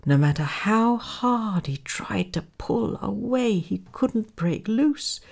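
A woman narrating a children's fable in a dramatic, expressive way, sometimes dropping to a hush. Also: medium pitch, slow, vocal fry. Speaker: storyteller.

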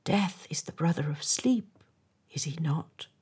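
A woman's voice: sits low, animated, unhurried, darkish tone, slightly rough, exaggerated voice. Woman whispering as a dying little swallow. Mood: tender whisper. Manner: whispered, faint.

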